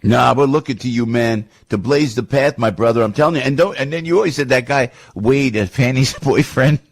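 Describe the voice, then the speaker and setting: A man's voice: mid-range voice, a little fast. A man from New Jersey hosts a talk radio interview with a mid-range voice. He talks in a rambling, chatty way, and his voice leaps upward when he gets worked up. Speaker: radio host.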